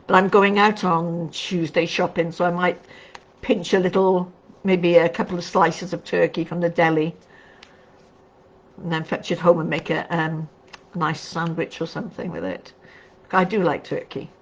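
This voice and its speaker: A woman's voice: lowish voice, fairly even intonation, normal speed. A middle-aged woman giving a casual livestream tarot reading, chatty and affectionate, calling viewers darling. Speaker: tarot card reader. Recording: dull lo-fi recording with faint noise.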